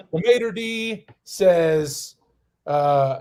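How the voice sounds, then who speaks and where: A man with a high-set voice tells the same joke setup again and again, getting louder each time and shouting the host's lines. He performs over a video call, and his delivery is deadpan stand-up. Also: unhurried. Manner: loud shouted setups, acting out a frazzled maitre d'. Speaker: stand-up comic. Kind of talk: deadpan anti-joke stand-up, repeating a setup with rising energy. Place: Denver, at home on a video call.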